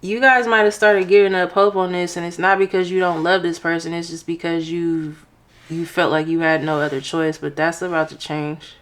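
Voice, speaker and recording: Excitable woman doing a tarot reading. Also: on the low side, moderate pace. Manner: expressive, excitable, exclaims often. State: emotional, near tears. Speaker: tarot reader. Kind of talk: casual tarot reading to viewers.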